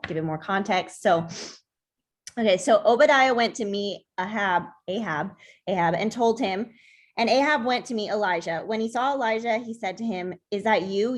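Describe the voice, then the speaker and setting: Young woman reading scripture aloud. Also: mid-range voice. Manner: plain reading voice with hesitant restarts over names. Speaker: Bible study leader.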